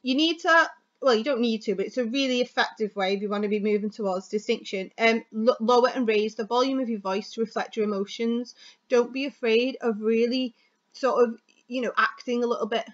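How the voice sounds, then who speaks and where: Fast-talking woman teacher, lo-fi. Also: a little high. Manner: chatty, fast and expressive, stressing words for effect. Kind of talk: classroom lesson on speech delivery.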